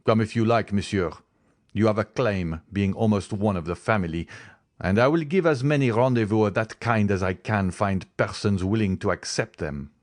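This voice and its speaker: A man's voice: fairly low pitch, normal speed, no room sound, studio quality, lightly acted. A man voicing a furious young nobleman. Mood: vengeful. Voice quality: intense, clipped and indignant. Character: hot-headed young nobleman bent on a duel.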